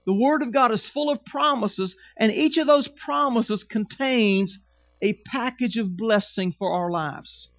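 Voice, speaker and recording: A man's voice: very high voice, unhurried, dry recording, lo-fi sound. A man preaching a sermon with emphatic, repetitive phrasing and humorous asides. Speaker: pastor.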